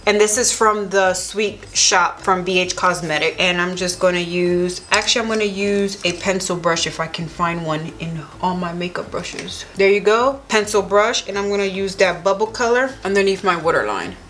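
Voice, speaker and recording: A young woman beauty vlogger gushes enthusiastically, talking through a makeup tutorial as she applies products. Her voice is lowish and a bit bright, at a normal speed with few pauses.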